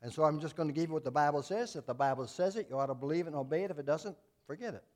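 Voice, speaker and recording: A man preaching as a Baptist pastor, folksy and plain-spoken, swinging between loud emphatic lines and quiet asides. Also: fairly high pitch, rapid-fire. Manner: folksy, telling jokes and acting out voices. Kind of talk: sermon.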